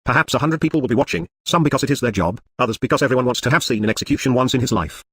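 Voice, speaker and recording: A man reading the speech of a brooding, intense gentleman in a brisk, plain audiobook manner. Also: mid-range voice, husky.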